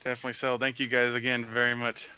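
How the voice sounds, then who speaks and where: Excited driver guy, bright crisp voice, dull dry voice-chat sound. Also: medium pitch, fast, no room sound. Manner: eager, rambling, laughs easily. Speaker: race driver being interviewed. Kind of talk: casual interview.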